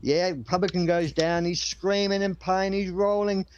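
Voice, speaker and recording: A man's voice: high voice, fairly even intonation, normal speed, a little mellow, lo-fi sound, a little hiss or hum. A man telling a long joke in a rambling way, with many restarts.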